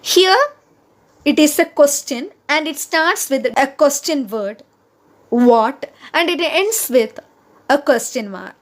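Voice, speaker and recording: A woman's voice: high voice, animated, slow pace. A woman teaching a grammar lesson, spelling out each example word by word. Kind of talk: slow, deliberate grammar lesson.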